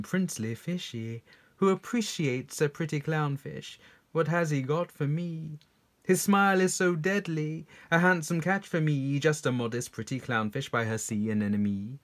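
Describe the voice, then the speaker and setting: A man voicing a vain, giddy little female clownfish in a children's poem, speaking in a high, preening voice. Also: lightly acted.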